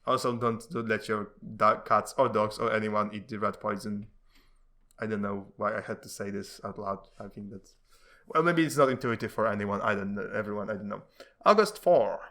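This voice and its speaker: A man casually reading comic strips aloud, giving the characters quick voices and breaking off into rambling, laughing commentary. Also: on the low side, a bit bright. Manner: reads dialogue with shifting voices, laughs often, rambling asides.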